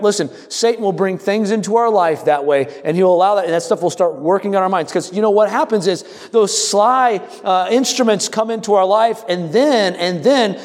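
A man with a high voice preaches an animated sermon, calling on his congregation to join in. His words carry a long reverb from the hall around him. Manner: animated, calls on the congregation to respond. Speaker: pastor.

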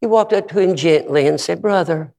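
A man's voice: high-pitched, a little fast, gravelly, darkish tone. A man preaching a storytelling sermon, dramatic and vivid as he tells his stories. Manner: dramatic storytelling with voiced quotes.

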